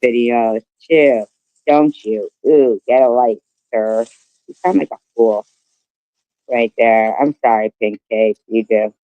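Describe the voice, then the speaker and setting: A man's voice: mid-range voice, slow pace, mellow, no room sound. A man co-hosting a livestream, reading viewer comments aloud in a mocking way. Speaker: livestream co-host reading chat. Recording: slightly muffled stream audio.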